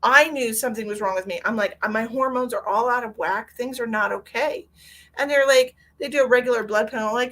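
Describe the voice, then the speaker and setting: On this casual livestream, a middle-aged psychic medium talks at a moderate pace in a voice on the high side and a bit bright. She gets candid and emotional, swears liberally, and reads out what viewers write.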